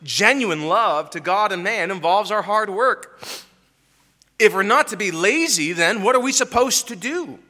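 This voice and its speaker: Bright high-voiced man preaching in a hall. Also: animated, unhurried. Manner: emphatic, rhetorical questions. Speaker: pastor. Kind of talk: sermon. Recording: long hall reverb.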